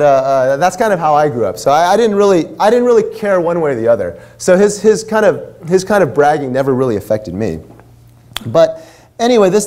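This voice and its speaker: A man's voice: mid-range voice, darkish tone. A man in his forties, a minister, telling a story in a sermon in a casual, chatty way full of asides. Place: church.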